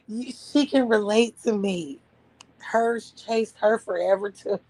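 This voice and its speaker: A woman ranting bluntly and profanely on a livestream from home, often mimicking others in a high voice. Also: no room sound, rough recording. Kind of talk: casual livestream rant. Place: at home, partner asleep beside her.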